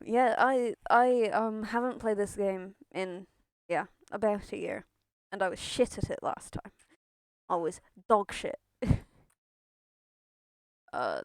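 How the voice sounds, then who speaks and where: Young woman streamer, rambly and sweary, slow and kinda high, dry close sound. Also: no echo. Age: young adult. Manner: rambling, swears, laughs often. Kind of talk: casual gameplay chatter.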